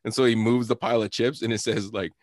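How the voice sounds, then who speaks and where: Young guy, low-voiced, laid-back chatter with swearing, dry recording. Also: level tone, quick pace, a little mellow, no room sound. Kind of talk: casual storytelling chat.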